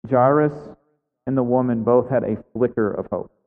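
A man's voice: medium pitch, normal speed. A man pastor preaching a sermon in a church, earnest and conversational, pressing the listeners with repeated questions. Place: church sanctuary. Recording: phone-like sound in a reverberant hall.

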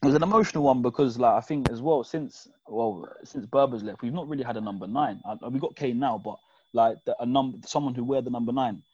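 A man's voice: mid-range voice, fast, mellow, slightly rough, dull audio. A young man, chatting candidly and reflectively with fillers on a podcast. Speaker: podcast guest fan. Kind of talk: casual chat.

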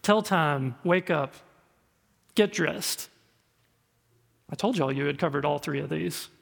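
A man's voice: fairly high pitch, slow, gravelly, husky. A male pastor preaching a sermon in a conversational, storytelling way, often repeating words. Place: church sanctuary. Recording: echoey hall reverb.

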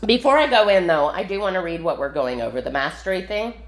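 A woman's voice: fairly low pitch, animated, quick pace, noisy background. Chatty woman in an echoey room. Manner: chatty, rambling, laughs often, many fillers. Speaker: spiritual practice vlogger. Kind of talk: casual spoken meditation walkthrough.

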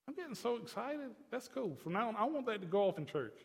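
Male pastor, high-pitched, folksy and chatty from the pulpit, long hall echo. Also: sing-song, fairly quick, vocal fry, husky. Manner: folksy, chatty asides to the congregation. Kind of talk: conversational sermon. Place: church sanctuary.

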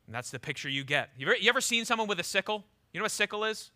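A man preaching a sermon with a high, very bright and forceful voice. He swings from loud declarations down to low, intense lines, and he often stumbles over repeated words as he starts a new thought. His delivery carries through a church service. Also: sing-song, racing. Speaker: pastor.

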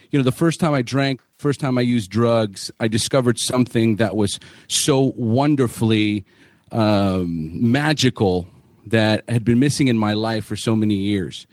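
A man at a mid pitch tells his recovery story as host of a talk podcast. He speaks candidly and bluntly, swears freely, and restarts his sentences, and his voice sits dry and close on the mic. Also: a little mellow, no room sound.

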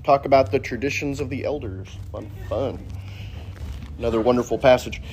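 A man's voice: medium pitch, normal speed, a little mellow, a little hiss or hum. A man teaching a casual Sunday Bible class in a church classroom, joking and asking the class questions.

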